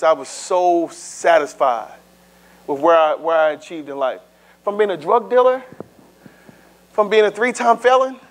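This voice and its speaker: A middle-aged male pastor preaches conversationally, stammering and restarting, and swings from loud, high bursts to low, hushed asides.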